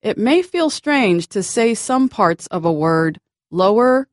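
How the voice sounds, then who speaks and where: Woman, pronunciation teacher, scripted lesson, lively pitch, clear deliberate words. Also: no room sound, clean studio sound. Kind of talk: slow scripted lesson narration.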